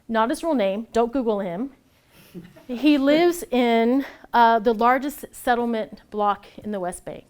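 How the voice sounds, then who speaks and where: A woman giving a personal storytelling talk, animated and laughing easily as she acts out the voices she quotes. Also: fairly high pitch, a little slow. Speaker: speaker at a storytelling event.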